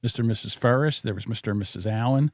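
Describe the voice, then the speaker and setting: A man's voice: medium pitch, fast, dry recording, studio quality. An older man co-hosting a podcast, telling rambling stories and giving blunt, opinionated takes in casual chat. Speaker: podcast co-host.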